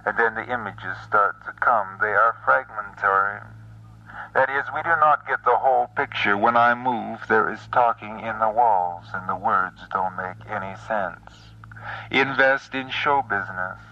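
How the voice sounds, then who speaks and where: A man giving a calm, measured spoken-word recitation as narrator. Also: on the low side. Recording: distant, dull lo-fi sound.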